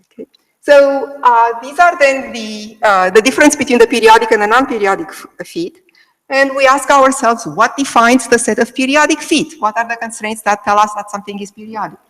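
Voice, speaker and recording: A woman's voice: fairly high pitch, normal speed, a bit bright, long reverb tail, poor audio. A woman giving an academic lecture, explaining step by step and checking in with frequent "okay"s. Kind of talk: academic lecture on Greek meter. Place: lecture delivered to a remote audience.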